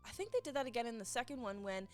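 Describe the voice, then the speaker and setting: A woman's voice: a little high, racing, soft background music. A young adult woman, a guest on a podcast, chatting casually and telling stories dramatically about films she has watched. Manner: expressive storyteller, dramatic. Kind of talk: casual chat.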